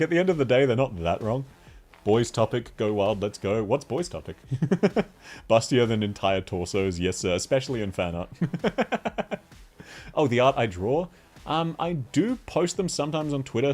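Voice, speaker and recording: A man's voice: medium pitch, darkish tone. Chatty Australian man streaming, laughing often. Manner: chatty, laughs often, reads chat aloud. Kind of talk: casual live-stream chat.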